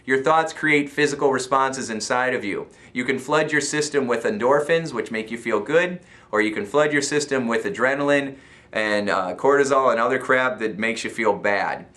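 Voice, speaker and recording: A man's voice: medium pitch, normal speed, a bit bright. An American man giving an upbeat motivational talk as a self-help coach, laughing often and acting out little voices.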